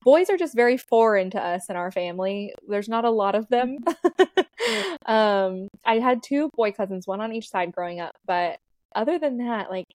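A woman's voice: medium pitch, expressive, normal speed, darkish tone, no echo, studio quality. A woman in her thirties, a doula guest on a podcast, telling her birth story in a chatty way with frequent laughs and fillers. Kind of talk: casual storytelling interview.

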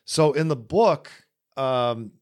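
A man hosting a podcast, giving casual solo film commentary in an unhurried, musing way with many pauses. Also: mid-range voice, lively intonation. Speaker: podcast host.

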